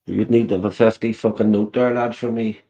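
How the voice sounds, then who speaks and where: A man's voice: on the low side, level tone, fairly quick, warm tone. A man chatting on a live stream, teasing others crudely and swearing constantly. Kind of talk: casual chat.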